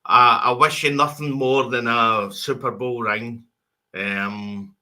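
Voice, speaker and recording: A Scottish man chats loosely on a podcast, his voice very bright and cutting. He rambles, restarting sentences and repeating words before he lands a point. The tone stays casual and conversational. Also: mid-range voice, steady tone, slow. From Scotland. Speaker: co-host.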